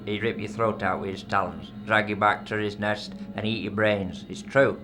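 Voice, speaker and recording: A man's voice: fairly low pitch, little pitch movement, normal speed, background noise, lightly acted. An actor playing a blunt older local man, warning of a woodland monster in a folk horror audio drama. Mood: worked up. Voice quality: blunt, grumbling, dialect-heavy. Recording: music bed behind.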